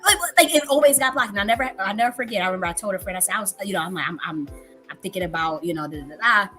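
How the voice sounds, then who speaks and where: A woman's voice: mid-range voice, rapid-fire, sharp tone, faint music behind. A woman in her thirties hosting a casual livestream, telling a story candidly with frequent profanity and repetition for emphasis. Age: 30s. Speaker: livestream host.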